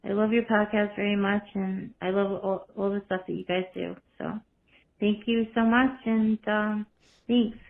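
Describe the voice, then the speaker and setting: A woman's voice: medium pitch, steady tone, moderate pace, creaky. Polite woman caller on a tinny phone line. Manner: polite, earnest, slightly rambling. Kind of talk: voicemail question.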